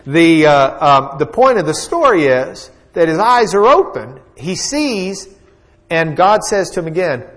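A man teaches a Bible lesson, retelling the story in a folksy, joking way. His voice sits a bit high, and he often pauses on fillers as he goes. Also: big pitch swings, a bit bright.

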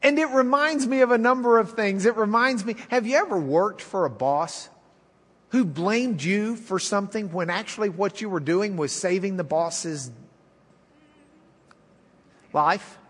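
A man's voice: high-pitched, a little slow, fairly bright tone, long reverb tail. A male preacher retelling a story in a folksy, wry, conversational sermon.

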